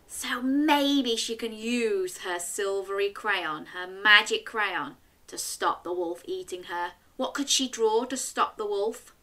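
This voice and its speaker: A woman reading a picture book aloud to children, animated and asking her listeners questions. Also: medium pitch, slow pace. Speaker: children's story reader.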